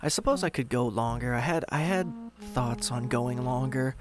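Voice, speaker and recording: A man's voice: mid-range voice, moderate pace, music in the background. A man hosting a solo podcast into a studio microphone, casual, rambling and sarcastic. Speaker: podcast host.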